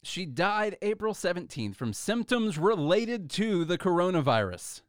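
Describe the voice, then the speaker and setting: A man's voice: sits high, very animated, measured pace, no room sound, studio quality. A man hosting a talk show, reading news articles aloud and adding sarcastic comments in casual commentary.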